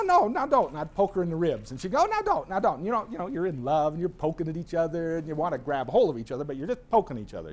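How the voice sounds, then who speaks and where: A middle-aged man giving a personal-growth lecture to an audience, telling stories animatedly and acting out other people's voices. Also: fairly high pitch. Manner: animated storyteller who acts out voices. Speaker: seminar speaker.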